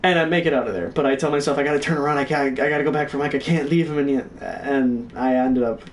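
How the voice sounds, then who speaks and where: A young man telling gaming stories in a casual, profane, animated way. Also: medium pitch, quick pace, far from the mic. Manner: profane, animated, reenacts his own yelling. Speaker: stream co-host. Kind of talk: casual storytelling.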